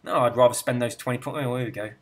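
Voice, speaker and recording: A man's voice: medium pitch, steady tone, rapid-fire. An Englishman with an English accent, a gaming channel host chatting casually and rambling through viewer comments in a friendly, self-deprecating way. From England.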